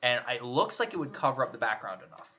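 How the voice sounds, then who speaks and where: A man's voice: mid-range voice, very animated, quick pace, bright, forceful tone, a little hiss or hum. A man hosting his channel, judging contest photos in a casual chat and thinking aloud with hesitant restarts.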